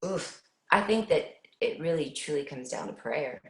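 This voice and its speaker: Her low voice moves at a normal speed through an echoey room and poor audio. A middle-aged mother and parent guest, she earnestly answers an interviewer, acting out small exchanges as she tells her stories.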